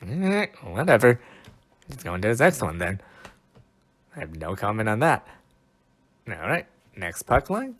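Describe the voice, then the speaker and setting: A man's voice: lowish voice, sing-song, measured pace, long pauses. Guy chatting on his podcast, bemused, makes fun of himself, voice jumps up and down a lot. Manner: bemused, self-mocking, laughs at himself. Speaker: podcast host. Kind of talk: casual podcast commentary.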